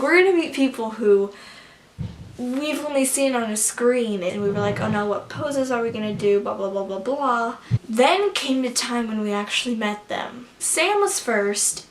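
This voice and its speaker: A gushing, excitable young woman tells a casual vlog story, rambling and stacking fillers. Her voice sits a little high, and the room around her is roomy with a faint hiss of background noise. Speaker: vlogger.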